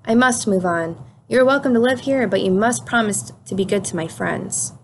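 A woman reading aloud as a gentle, polite male hermit crab in a children's storybook, with a bright, admiring voice. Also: medium pitch, moderate pace, slight background noise, lightly acted. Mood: tender.

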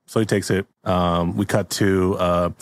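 A man's voice: sits low, little pitch movement, unhurried, dry recording. A man hosting a podcast, playfully narrating an improvised comedy story, often laughing. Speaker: podcast host.

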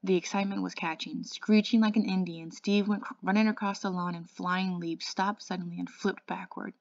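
A woman, an English tutor, reading a novel aloud in a steady voice, with small slips and restarts. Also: medium pitch, brisk, no echo, lo-fi sound.

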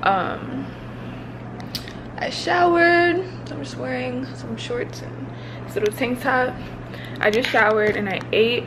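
A woman's voice: high-pitched, slow, long pauses, background noise. A young woman in her twenties chatting casually to her camera in a hotel room, upbeat and laughing often. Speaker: vlogger. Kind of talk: casual vlog chat to camera. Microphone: handheld phone or camera.

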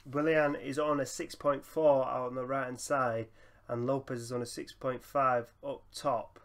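A young man giving excitable running commentary over a football management game, breaking into laughter and shouts. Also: mid-range voice. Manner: excitable, bursts into shouting and laughter at big moments. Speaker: gaming YouTuber.

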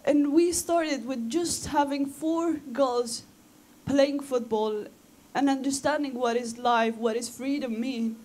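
A woman from Afghanistan speaks in English, her voice sitting a little high. She talks earnestly and with feeling to a room of students. She often breaks off and restarts her phrases. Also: slow, a little mellow. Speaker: guest speaker at a school talk. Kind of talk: personal talk to students. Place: school assembly room.

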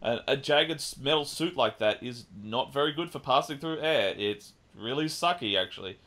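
A man co-hosting a podcast, casually recapping a film with lively retelling and the odd swear. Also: mid-range voice, moderate pace. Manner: animated retelling with swearing and mimicked lines. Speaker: podcast co-host. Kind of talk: casual chat, film review.

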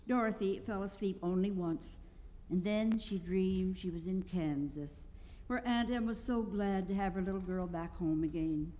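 A woman's voice: mid-range voice, long reverb tail. A woman reading a story aloud on stage at a literary event, narrating expressively. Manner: animated storytelling. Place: auditorium stage.

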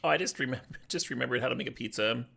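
Streaming a card game draft, a man chats casually, joking playfully and swearing when he gets excited. His mid-range voice is fast, creaky and husky.

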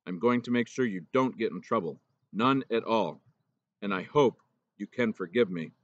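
A man doing a gruff older teacher. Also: expressive, moderate pace, muffled recording. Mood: remorseful. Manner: low, gruff, plain-spoken.

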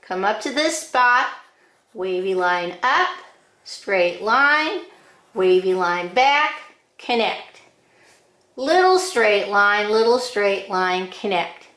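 A woman giving a drawing lesson, calling out short steps one at a time in a slow, patient way. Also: mid-range voice, animated, a bit bright, echoey room. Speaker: drawing teacher. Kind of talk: step-by-step drawing instruction.

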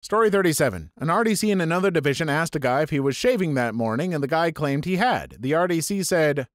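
A man reads viewer stories aloud in a bouncy, lively voice that sits a little high. He slips in sarcastic asides as he goes, and the sound is close and dry. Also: fast talker, few pauses, no echo. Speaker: story channel narrator. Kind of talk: reading online stories aloud.

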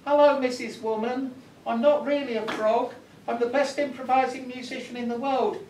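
A man voicing a boastful talking frog who claims to be a cursed musician, in a squeaky high voice, recorded from far off in a roomy, noisy classroom. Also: flat delivery, moderate pace, darkish tone. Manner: squeaky, pleading then eager and boastful.

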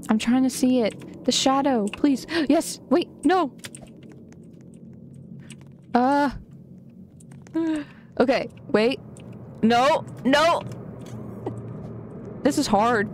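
A young woman streaming a video game, reacting excitably with frequent gasps and laughter as she chats casually. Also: on the high side, a little hiss or hum. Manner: excitable, gasping and laughing often. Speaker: gaming streamer. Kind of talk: casual gameplay commentary.

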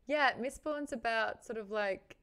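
A young woman with an Australian accent, hosting a book club livestream in chatty, offhand talk full of quick asides. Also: a little high, fairly bright tone, clear, resonant tone. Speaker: host of a book club stream. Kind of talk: casual livestream chat.

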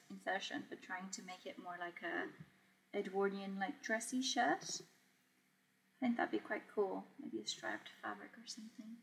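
On her casual sewing livestream, a young Portuguese woman talks in a medium-pitched voice with a sharp tone and a breathy edge. She keeps up easy chatter as she works, reading the chat aloud and laughing often.

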